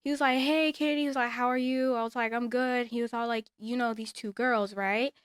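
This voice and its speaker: A woman's voice: fairly high pitch, a little fast, clear, resonant tone, dry recording, studio quality. A woman casually telling a personal story, acting out what others said and giving emphatic advice. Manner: animated, acts out others' lines, emphatic advice. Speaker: storyteller sharing a personal experience.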